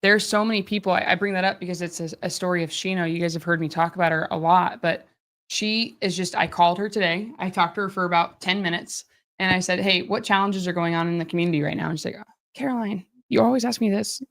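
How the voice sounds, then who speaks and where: Female host, chatty and upbeat, rapid delivery, video-call Q&A. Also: fairly low pitch, steady tone, a bit bright. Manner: enthusiastic and chatty. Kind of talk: live Q&A hosting.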